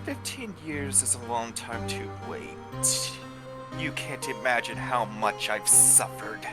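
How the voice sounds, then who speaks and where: A brooding villain out for revenge, read aloud by a man in a casual game session, savoring each word in slow, menacing lines. The voice sits in a middle pitch. Music plays clearly in the background. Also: lightly acted. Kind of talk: reading game dialogue aloud.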